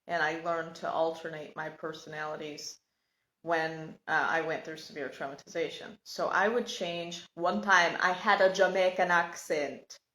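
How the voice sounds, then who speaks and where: A woman speaking in a slightly low voice, talking through her own life story in a loose, reflective monologue. She stops often and searches for her words. The room around her rings with noticeable echo. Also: fairly bright tone. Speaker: podcast host sharing personal story. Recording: echoey room.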